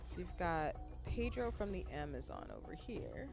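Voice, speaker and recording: Lively chatty woman streamer, Southern accent. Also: on the low side, moderate pace, vocal fry, music in the background. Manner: chatty, swears, loud outbursts. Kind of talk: live gaming stream chat.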